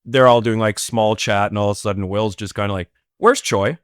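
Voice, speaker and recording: A man's voice: fairly low pitch, little pitch movement, fast, smooth, no room sound, clean studio sound. A man on a podcast, a guest retelling a movie's plot in loose, rambling casual chat full of fillers. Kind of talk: casual film recap chat.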